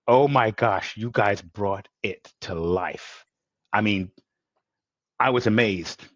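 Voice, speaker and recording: A man hosting a podcast interview speaks in a fairly low voice, enthusiastic and given to rambling. The sound is dry and dull, like a remote recording without much room to it. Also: takes it slowly, fairly bright tone, no echo. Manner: enthusiastic, rambling, acts out quotes. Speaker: podcast host. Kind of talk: conversational interview.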